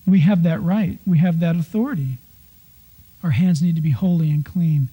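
A man preaching from the pulpit with a higher-pitched, husky voice. He tells his stories with lively energy and slips into exaggerated voices to act out people's complaints. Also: normal speed. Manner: animated storytelling, acting out complaints in high voices. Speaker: pastor. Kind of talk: sermon.

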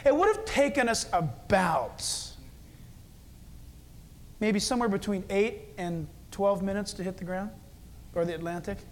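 A male pastor giving a sermon in a church, telling stories and swinging between quiet earnest talk and loud, excited preaching. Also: sits high, unhurried, pauses often, a little hiss or hum.

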